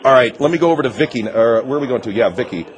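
Fast-talking male radio host. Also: medium pitch, expressive. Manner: quick, exasperated moderator. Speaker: radio talk show host. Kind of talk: radio call-in show.

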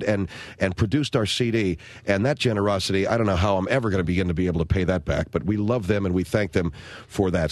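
A man hosting a radio talk show, telling rambling stories and acting out quotes in a higher voice before reading announcements. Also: dry recording. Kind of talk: casual radio chat and announcements.

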